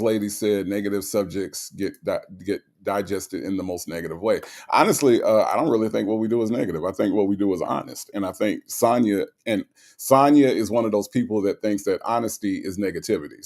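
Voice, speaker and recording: A man's voice: fairly low pitch, vocal fry. A man hosting an online commentary show, talking casually and sarcastically to his viewers with lots of asides. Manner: animated and sarcastic, with frequent fillers and asides. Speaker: host of a commentary channel.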